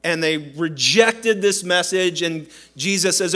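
A man's voice: high voice, takes it slowly, hardly any pauses, sharp tone. A man preaching a sermon as pastor in a church, earnest and emphatic, acting out the voices he quotes.

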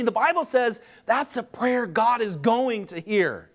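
A man preaching a sermon, animated, with mocking humorous asides. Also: very high voice, a little slow, hardly any pauses. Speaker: pastor.

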